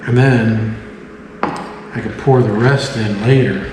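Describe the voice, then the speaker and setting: Speaking slowly in a lowish, steady voice, a man jokes and chats to himself as he puts together a smoked cocktail at home, demonstrating in a casual way. The room audio carries long reverb and a faint hiss.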